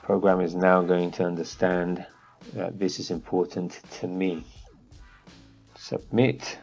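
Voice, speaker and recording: A man teaches an architecture class as he clicks through a software demo, thinking aloud with fillers. His voice is low and gravelly, and he speaks slowly. The audio is a bit dull, with faint music behind him. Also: completely flat delivery. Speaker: architecture course instructor. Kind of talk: screen-share software tutorial.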